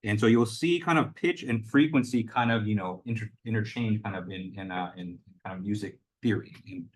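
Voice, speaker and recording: A young adult man giving a university lecture as the instructor, explaining loosely with lots of hedges and fillers. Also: fairly low pitch. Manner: loose and hedging, full of "you know" and "kind of".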